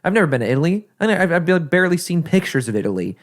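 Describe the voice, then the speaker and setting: A man's voice: on the high side, big pitch swings, very fast. A man with a Midwestern accent, co-hosting a podcast in casual chat and rambling while he searches for words. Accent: Midwestern American. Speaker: podcast co-host.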